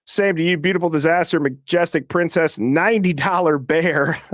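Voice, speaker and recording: A man hosting a live call-in stream, talking fast and casually as he reads out viewer names. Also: on the high side, no echo, clean studio sound. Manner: fast, casual, shouting out names in quick succession. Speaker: host of a live call-in show.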